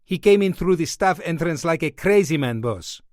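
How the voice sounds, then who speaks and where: A man voicing a small, excitable Greek doorman with a heavy Greek accent who complains indignantly. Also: on the high side, normal speed, no echo, clean studio sound, voice pushed up, lightly acted. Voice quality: agitated, complaining.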